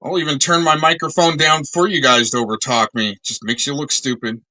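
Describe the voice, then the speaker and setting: A man speaks in a measured, sarcastic tone in a played-back video commentary. His voice sits a little high and sounds very bright and edgy. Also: steady tone, rough recording.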